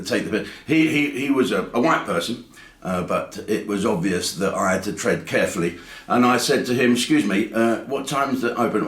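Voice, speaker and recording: A man's voice: mid-range voice, fairly bright tone. A middle-aged man from England telling a wry comic anecdote to camera, acting out the back-and-forth of the dialogue. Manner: wry storytelling with acted-out dialogue. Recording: echoey room.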